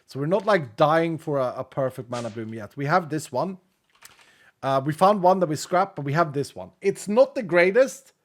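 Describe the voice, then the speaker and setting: A male streamer in his late thirties talks casually to his live chat and reads out viewer messages. His voice sits somewhat high for a man. He is openly emotional and gushing, and he laughs a lot between lines. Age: late 30s.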